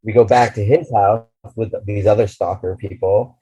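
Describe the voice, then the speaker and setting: A man's voice: lowish voice, steady tone, normal speed, dark tone, husky, low-quality recording. A man co-hosting a podcast, telling rambling anecdotes in casual chat with many restarts and fillers. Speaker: podcast co-host.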